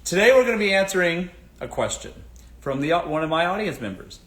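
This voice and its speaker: Emphatic high-voiced male host. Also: sing-song, fairly quick, a bit bright. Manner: emphatic, repeats catchphrases. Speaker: show host. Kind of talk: casual advice livestream. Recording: roomy echo.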